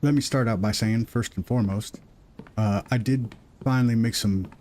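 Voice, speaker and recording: A man's voice: mid-range voice, normal speed, dark tone, slight background noise. A middle-aged man hosting a live gaming stream, rambling and self-deprecating as he talks through his progress into a desk microphone at home. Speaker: gaming livestream host. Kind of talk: live gameplay commentary.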